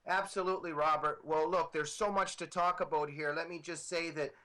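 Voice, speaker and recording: A man's voice: on the high side, fairly even intonation, a little fast, pushed and bright, rough recording. A man appearing as a guest author, arguing with emphatic, repetitive political commentary over a computer microphone.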